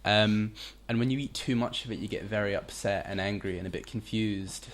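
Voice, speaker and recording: Low-voiced man with dry humor. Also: a little fast. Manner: dry, deadpan jokes. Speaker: podcast co-host. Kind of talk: casual group chat about video games.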